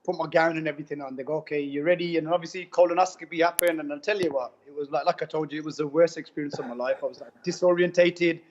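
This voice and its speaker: A man giving a testimonial interview, telling his story in an animated, casual way full of slang and repetition. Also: fairly high pitch, very fast, hardly any pauses, slight background noise. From United Kingdom. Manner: animated, repeats himself, slangy with "bro" and "man". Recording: dull lo-fi sound.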